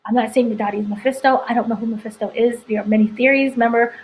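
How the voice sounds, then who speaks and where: A woman's voice: a little high, steady tone, very fast, darkish tone, slight background noise, low-quality recording. A woman editor chatting casually through a spoiler review, rambling with lots of "like" and "you know". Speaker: entertainment editor reviewing a TV episode.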